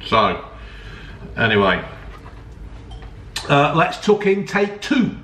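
A man's voice: a little high, very animated, takes it slowly, a bit bright, distant mic. Chatty man reviewing food. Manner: chatty, swears casually, joking. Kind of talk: casual food review chat. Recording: roomy sound from off the mic, faint noise.

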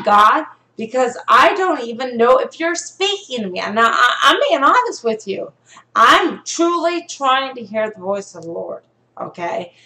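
A woman preaches a prophetic warning in an earnest, conversational way, checking in with her listeners as she goes. Her voice sits in a middle pitch. The room around her rings with a noticeable echo. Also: pushed and bright. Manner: earnest, repeats "okay?" and "you know". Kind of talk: live-streamed prophetic message.

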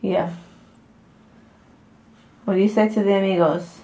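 A woman's voice: mid-range voice, fairly even intonation, measured pace, mellow. A young pregnant woman chatting casually in a vlog, dropping Spanish words into her English talk. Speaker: vlogger.

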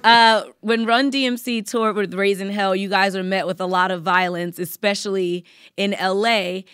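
A woman's voice: medium pitch, fairly even intonation, normal speed, a bit bright, clear, resonant tone, no room sound. A woman co-hosting an interview podcast, asking questions in a conversational, slightly hesitant way. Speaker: podcast co-host.

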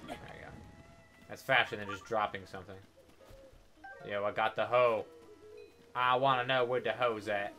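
A man's voice: fairly low pitch, fairly even intonation, normal speed, pauses often, loud music behind the voice. A young man giving casual, joking commentary over his game playthrough, sarcastic and profane. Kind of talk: casual let's-play commentary.

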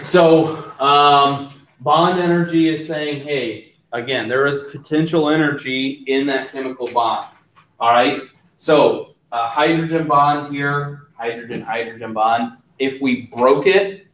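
A man teaching a chemistry class in a relaxed lecture style, often stopping to ask if there are questions. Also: mid-range voice, far from the mic, slight background noise. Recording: roomy classroom, voice from off-mic.

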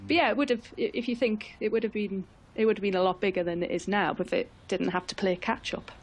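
A woman's voice: medium pitch, fairly even intonation, quick pace. A woman who is a football pundit on a radio phone-in, explaining the history of the women's game in a chatty way. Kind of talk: radio studio discussion.

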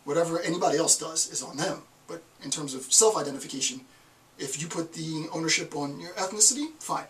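A man delivers an online lecture with a somewhat high voice. He poses rhetorical questions and answers them with emphasis. He sits a little away from the microphone. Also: fairly quick, a bit bright, recorded from a distance, slight background noise, rough recording. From United States.

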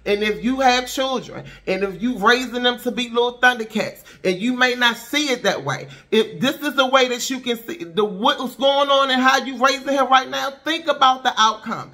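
A woman's voice: on the high side, moderate pace, hardly any pauses, pushed and bright. Woman vlogger, outspoken and preachy, casual street-smart talk, lots of rhetorical questions. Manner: preachy, rhetorical and blunt, with slangy asides. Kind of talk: impassioned casual commentary monologue.

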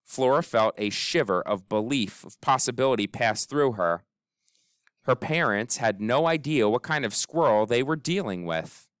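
A man reading a children's story aloud in an expressive, animated way, giving the characters voices. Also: medium pitch, normal speed, smooth, no room sound, studio quality. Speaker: audiobook narrator.

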